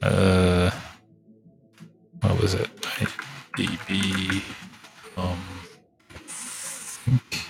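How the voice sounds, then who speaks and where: A man's voice: deep voice, completely flat delivery, drawn-out words, gravelly, long pauses, over music. A man talking casually to himself in a vlog, thinking aloud, trailing off and restarting with lots of fillers.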